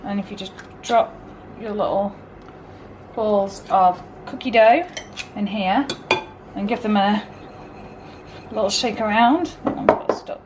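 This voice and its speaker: A woman's voice: medium pitch, slow, long pauses, background noise. A woman, chatting casually through a home baking vlog, self-deprecating and easygoing. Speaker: vlogger. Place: home kitchen.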